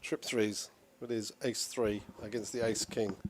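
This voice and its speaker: A man giving play-by-play poker commentary in a dry, measured way. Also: on the low side, little pitch movement, a little hiss or hum.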